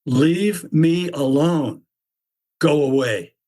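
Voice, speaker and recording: A man in his seventies voicing a stern mythic Greek man in a slow, curt way, tired of being bothered. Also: on the high side, dark tone. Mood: dismissive. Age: 70s.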